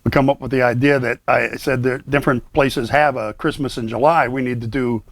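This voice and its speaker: A man's voice: mid-range voice, fairly even intonation, no echo. Older guy chatting, lots of uhs and restarts, dry close mic. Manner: halting, many fillers and restarts. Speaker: Santa performer guest. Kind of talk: casual chat.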